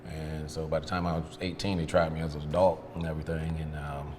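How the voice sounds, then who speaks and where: This detailing business owner talks fast in a rumbling low, level, slightly mellow voice, candidly revisiting his past with quoted dialogue during a sit-down interview. A little hiss or hum, long reverb, and faint ambience are audible.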